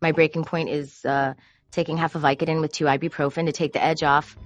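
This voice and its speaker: A woman who produces court shows tells candid, confessional stories about her job and grows animated when she quotes herself. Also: sits low, brisk, soft background music. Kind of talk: personal storytelling.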